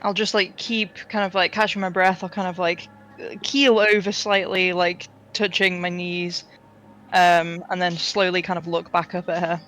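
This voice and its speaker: A woman's voice: on the low side, level tone, normal speed, fairly bright tone, low-quality recording. A woman player in a tabletop game, describing her actions hesitantly with many fillers. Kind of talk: tabletop role-play.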